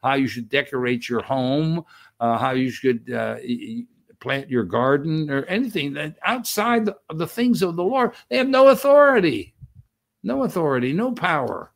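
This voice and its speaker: Gravelly older preacher. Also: male voice, fairly high pitch, expressive, moderate pace. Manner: conversational, repeats phrases, frequent fillers. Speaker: minister. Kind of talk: sermon teaching.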